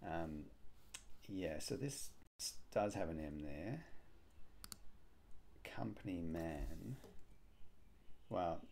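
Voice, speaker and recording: A man solving a cryptic crossword aloud, musing and hesitant, with frequent pauses and fillers. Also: deep voice, expressive, creaky, darkish tone, a little hiss or hum. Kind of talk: thinking aloud while solving.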